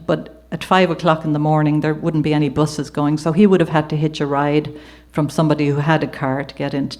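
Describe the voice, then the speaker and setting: A woman with an Irish accent reading from her memoir at a gallery event, switching between reading and chatty, conversational storytelling. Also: low voice. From Ireland. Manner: warm conversational asides with occasional laughter. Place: gallery event before an audience.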